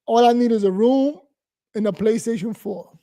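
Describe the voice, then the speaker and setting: A man's voice: very high-pitched, moderate pace, dark tone. A man in his forties from New York, giving a blunt, profane, rambling casual monologue as host.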